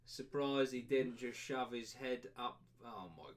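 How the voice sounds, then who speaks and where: A man's voice: mid-range voice, unhurried, crowd noise. A young man hosting a podcast, reading out chat comments in crude, jokey banter with lots of laughing. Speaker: podcast host.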